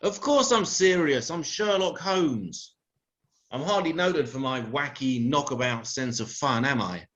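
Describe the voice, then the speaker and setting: An actor playing a rude, arrogant detective in a live comedy sketch, in a British accent, talking in a brash, crude and boastful way. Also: male voice, medium pitch, expressive, unhurried, fairly bright tone. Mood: scornful. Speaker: sketch performer. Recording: lo-fi live recording.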